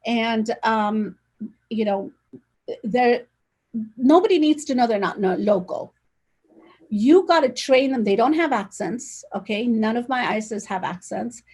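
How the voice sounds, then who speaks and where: A woman's voice: on the high side, expressive, measured pace, a little mellow, breathy edge. A woman speaking energetically and directly as an interview guest, talking over a video call. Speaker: real estate agent, guest. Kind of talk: casual conversational interview.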